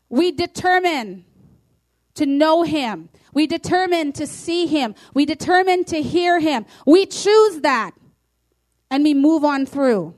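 A woman's voice: high voice, darkish tone. A woman pastor preaching a sermon, emphatic and declaring, reading scripture aloud.

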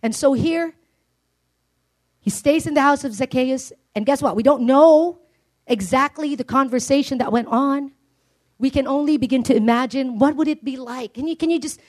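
A woman preaching a sermon, with a fairly high voice. She is earnest and emphatic, and her pitch climbs as she repeats her appeals. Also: darkish tone.

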